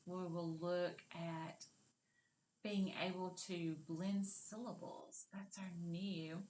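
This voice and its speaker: Slight background noise accompanies a woman with a fairly low, somewhat mellow voice, speaking slowly and flatly. She teaches a kindergarten literacy lesson, patient and encouraging, carefully stretching out the sounds and words she models for young children.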